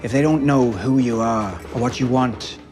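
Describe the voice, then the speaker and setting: A man's voice: medium pitch, normal speed, close to an everyday voice. An actor playing a cunning, calculating man in a film, speaking over film music. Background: film score.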